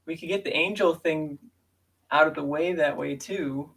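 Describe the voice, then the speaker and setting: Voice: medium pitch, moderate pace, vocal fry, fairly bright tone, breathy edge, poor audio. A player in a tabletop game asking casual questions about the next move.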